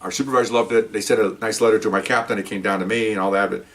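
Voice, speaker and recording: Older former police officer telling a story, quick and animated, slightly distant mic. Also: male voice. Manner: animated, jumps up in pitch when acting out dialogue. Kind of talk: casual storytelling. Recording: voice picked up from a distance.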